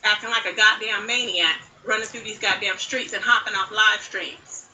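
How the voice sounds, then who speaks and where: A woman's voice: medium pitch, fairly even intonation, moderate pace. A woman livestreamer scolding someone in a profanity-heavy, confrontational rant, replayed from another stream. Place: played back from another live stream. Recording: bright clip with background noise, far from mic.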